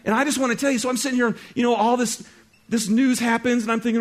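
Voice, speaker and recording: A male pastor preaching a sermon, talking straight to his congregation and swinging between loud exclaiming and soft, hushed stretches. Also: extremely high pitch, steady tone, rapid-fire. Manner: conversational, talks straight to the congregation.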